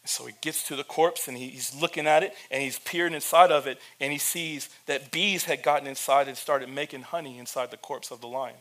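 A pastor preaching, retelling the story with humor and speaking directly to the church. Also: male voice, medium pitch, brisk, hardly any pauses, a bit bright. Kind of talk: sermon.

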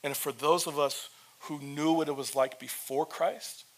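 Man with a slightly high voice, preaching with humor and talking straight to the congregation. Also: unhurried. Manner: lively storytelling with humor; addresses the church directly. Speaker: pastor. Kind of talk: sermon.

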